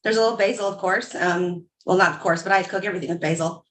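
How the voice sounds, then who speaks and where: A woman's voice: on the low side, fast. A woman casually chatting about how she cooked a meal, listing ingredients loosely. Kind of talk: casual chat about cooking.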